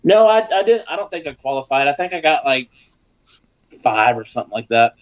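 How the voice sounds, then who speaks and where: A man telling a story casually on a live show as a guest pitmaster, animated, his voice jumping higher when he acts out other people. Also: brisk, phone-quality sound.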